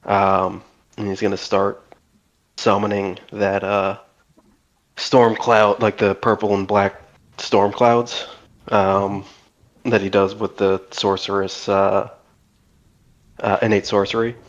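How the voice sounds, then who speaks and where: A man's voice: lowish voice, flat delivery, slow pace, long pauses, muffled recording. A man playing a tabletop game, describing his character's actions hesitantly with many fillers. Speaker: player.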